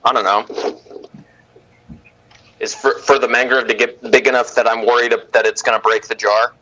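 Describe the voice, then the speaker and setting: A man's voice: mid-range voice, little pitch movement, normal speed, bright, forceful tone, low-quality recording. A man casually chatting on a livestream about his aquarium hobby, rambling and hesitant with fillers.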